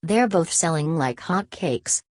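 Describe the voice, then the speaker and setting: A woman's voice: deep voice, expressive, unhurried, no room sound, clean studio sound. Woman playing an effusive male floor manager. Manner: effusive and grand. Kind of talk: storybook reading.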